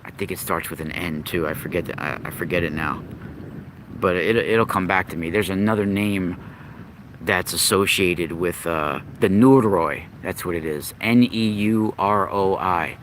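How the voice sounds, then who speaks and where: A man's voice: low-pitched, normal speed, a bit bright, a little hiss or hum. A man hosting a podcast, telling old myths in a rambling, unscripted way, often restarting and searching for words. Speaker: podcast host. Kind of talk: casual monologue on myth and occult lore.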